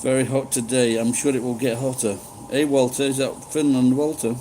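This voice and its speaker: A man's voice: medium pitch, fairly even intonation, a little fast, dark tone, slight background noise, low-quality recording. A middle-aged man chatting casually with live-stream viewers, rambling and swearing freely. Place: living in Japan.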